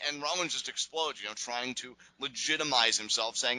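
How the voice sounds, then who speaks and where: Bright-voiced man recapping wrestling. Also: medium pitch, moderate pace, few pauses, no room sound, low-quality recording. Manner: animated, acts out wrestlers' lines. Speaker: wrestling podcast co-host. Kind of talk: casual recap chat.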